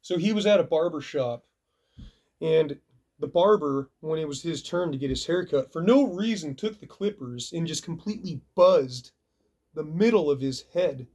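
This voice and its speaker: Brief: male vlogger telling a story, lively and casual, acting out the fight with sound effects. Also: fairly high pitch, moderate pace. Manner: animated, acts out punches with sound effects. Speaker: video reviewer.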